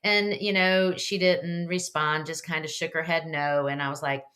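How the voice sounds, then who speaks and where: A woman in her fifties with a notably low voice recounts a story as an interview guest. She talks in an earnest, chatty way, stopping often for fillers and small restarts. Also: fairly even intonation, normal speed, fairly bright tone. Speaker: author and guest.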